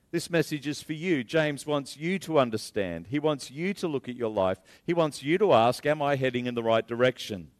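Male pastor, sermon, earnest with emphatic repetition, mid-range voice. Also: medium pitch. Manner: earnest, repeats key phrases for emphasis. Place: church.

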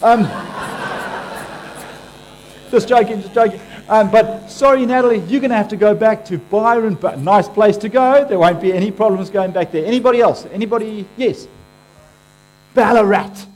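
A man's voice: high-pitched, normal speed, long pauses, a little mellow. A man with an Australian accent giving a playful, interactive sermon, joking with and quizzing his congregation. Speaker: preacher.

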